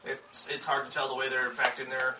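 A man narrating as game master at a tabletop game, describing scenes haltingly, with many restarts. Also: mid-range voice, completely flat delivery. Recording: roomy, distant mic, background hum.

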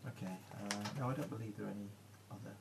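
A man's voice: on the low side, fairly even intonation, fast, creaky. A man narrating as game master of a tabletop game, describing scenes with fillers. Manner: hesitant, with fillers. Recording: noisy room recording.

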